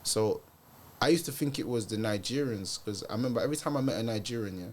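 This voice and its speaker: A young man, chatting casually in a group discussion and telling animated stories packed with slang and fillers. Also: on the low side, fast, slight background noise. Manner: animated storyteller, full of street slang and fillers.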